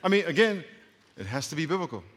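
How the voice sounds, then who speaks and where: A male preacher with a bright, forceful voice delivers a sermon that moves between lively storytelling and prayer. He talks in an animated way, often stumbling and repeating words as he restarts. His voice carries a long reverb, as if filling a large hall. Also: a little high, fast.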